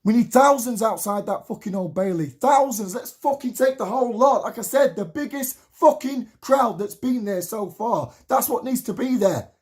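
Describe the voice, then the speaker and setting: Heated, high-voiced man ranting. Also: lively intonation, moderate pace, hardly any pauses. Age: 30s. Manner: heated, swearing, repetitive rallying rant. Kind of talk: impassioned spoken monologue to camera.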